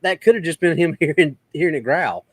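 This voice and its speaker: A man's voice: on the high side, expressive, a little fast. A man on a casual podcast, repeating words as he thinks aloud.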